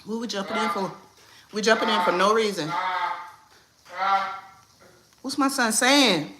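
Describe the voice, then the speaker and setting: A woman hosting a casual livestream from home. She talks in a playful, animated way, turning to her kids and greeting viewers by name. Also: mid-range voice, a little fast, heavy background noise. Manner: animated, playful, talks to her kids and reads chat names mid-stream. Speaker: livestream host.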